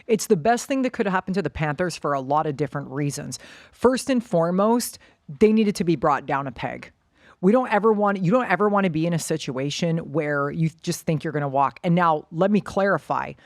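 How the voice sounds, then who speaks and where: A woman co-hosting a sports talk podcast, blunt and opinionated in a quick, outspoken way. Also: low-pitched, lively intonation, dry recording, clean studio sound. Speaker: podcast co-host and coach.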